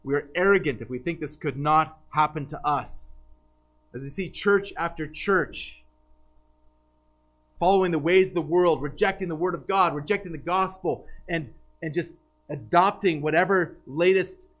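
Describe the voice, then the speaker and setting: A man's voice: fairly high pitch, moderate pace, a bit bright, poor audio. A man preaching a sermon as pastor, earnest and emphatic, with frequent restarts.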